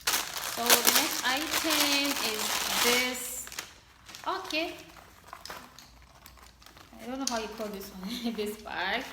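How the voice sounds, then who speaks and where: A woman's voice: a little high, takes it slowly, pauses often, roomy sound, heavy background noise. A young woman from Congo doing a casual unboxing chat, bubbly and gushing, laughing often. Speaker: vlogger.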